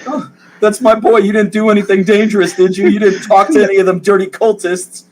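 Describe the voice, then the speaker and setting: A man's voice: high-pitched, flat delivery, brisk, a little mellow, a little hiss or hum, voice pushed up, natural voice. A man voicing a doting older father who fusses over his son and gushes with pride in a raised, cracking voice. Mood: gushing. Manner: sentimental, fussing. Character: doting older father, gushing and overly proud.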